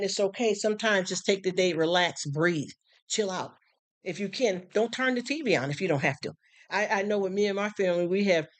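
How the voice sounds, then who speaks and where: Earnest home live-streamer, preachy and mid-pitched, heavy on rhetorical questions. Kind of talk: casual preachy monologue.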